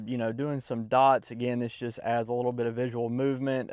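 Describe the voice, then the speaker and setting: A man explaining a landscape drawing app step by step in a relaxed voice-over, with occasional fillers. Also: mid-range voice, smooth, no echo, clean studio sound. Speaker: drawing tutorial instructor. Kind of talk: screen-recorded drawing tutorial.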